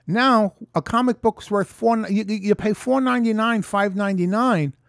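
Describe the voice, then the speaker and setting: A man's voice: sits high, moderate pace, gravelly, no room sound, clean studio sound. Profane New man telling a story. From New York. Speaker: vlogger. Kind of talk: casual storytelling vlog. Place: room at home. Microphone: close mic in front.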